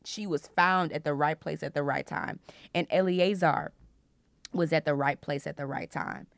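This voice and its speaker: A young woman hosting a faith podcast, teaching from the Bible in a casual, playful way with frequent loud laughter. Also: sits low, normal speed, vocal fry, no echo. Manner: animated, laughs loudly and often, playful preacher tone.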